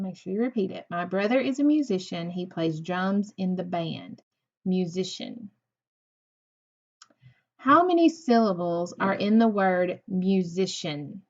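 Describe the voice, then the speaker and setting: Slow, patient woman teaching phonics. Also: fairly low pitch. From United States. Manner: slow, patient, encouraging, drawn-out words. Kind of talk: recorded phonics lesson for second graders. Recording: dull lo-fi recording.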